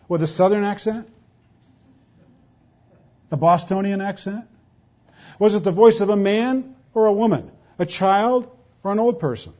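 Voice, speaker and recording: A man's voice: high voice, measured pace, long pauses, darkish tone. A man preaching a sermon, emphatic and full of rhetorical questions, pressing his points hard. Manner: emphatic, rhetorical questions, shifts pace for stress. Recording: dull lo-fi sound.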